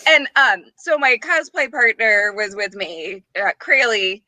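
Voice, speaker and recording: A woman on a podcast, chatting casually and telling an animated story, giggling and acting out the quotes. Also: on the high side, a little slow, no room sound. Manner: giggly, acts out quotes, many restarts. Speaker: podcast co-host.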